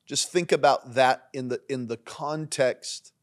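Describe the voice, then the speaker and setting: A man's voice: mid-range voice, measured pace. Emphatic male pastor teaching leadership. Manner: emphatic and repetitive, swinging between punchy lines and quiet asides. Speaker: pastor and leadership podcast host. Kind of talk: sermon-style leadership teaching.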